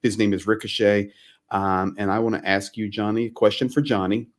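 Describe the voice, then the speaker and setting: A man's voice: fairly low pitch, fairly even intonation, fairly quick. A man hosting a live stream who speaks emphatically and insistently. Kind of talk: casual live-stream conversation.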